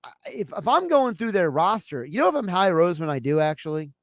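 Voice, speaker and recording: A high-pitched male sports host talking in a loose, conversational way. He slips into little acted-out phone calls as he makes his points. The sound is close and dry, with almost no room around it. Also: fast talker, no room sound. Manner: animated, acts out imagined phone calls. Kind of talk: casual sports talk.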